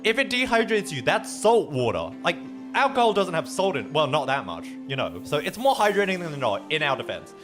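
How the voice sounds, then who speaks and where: A chatty, joking male streamer at a desk microphone, his voice sitting somewhat high and bouncing around animatedly in pitch. Soft game music plays faintly underneath while he talks with his chat. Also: sing-song, a little fast. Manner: chatty, joking, reads dialogue aloud. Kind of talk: casual game stream, reading story aloud.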